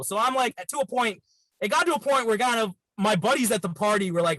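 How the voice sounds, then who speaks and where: Speaking fairly quickly in a high voice, a Canadian man in his thirties, on as a comedian guest, rambles through a wild party tale full of profanity. The chat is casual and his manner animated. The recording is low-quality but has no echo.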